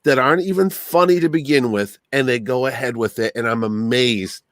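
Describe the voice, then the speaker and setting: A man's voice: medium pitch, brisk, no echo, studio quality. A man co-hosting a podcast, bluntly griping in casual chat and swearing freely. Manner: blunt, profane, exasperated. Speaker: podcast co-host.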